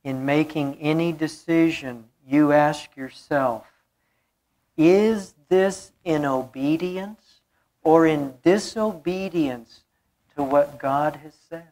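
A woman's voice: low-pitched, slow, dark tone. A woman pastor preaching a sermon, telling a story and repeating key phrases for emphasis.

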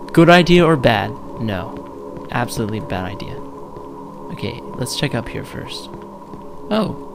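A man's voice: medium pitch, creaky. A young man commentating a horror game, jumpy, joking and swearing as he plays. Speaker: let's play gamer.

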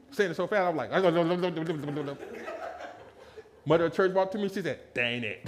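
A man preaching a lively sermon, telling a personal story and acting out quotes with laughter. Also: fairly high pitch, slow, noisy background. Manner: animated, laughing, acts out quotes in a raised voice.

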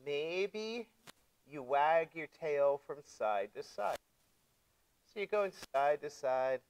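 Slow-spoken male yoga teacher. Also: fairly high pitch, animated, clean tone, poor audio. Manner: gentle, step-by-step cueing. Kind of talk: guided yoga class instruction.

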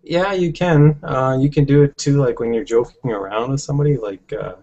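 A man teaching a language lesson, explaining patiently step by step, often pausing with ums. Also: mid-range voice, warm tone, lo-fi sound.

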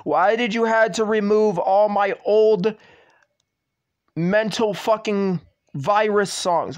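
A man with a noticeably high-pitched voice, talking straight into the camera in a vlog rant. He circles back over the same complaints again and again, swearing freely as he goes. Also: slow pace. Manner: repetitive, swearing, ranting address to YouTube. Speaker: channel owner.

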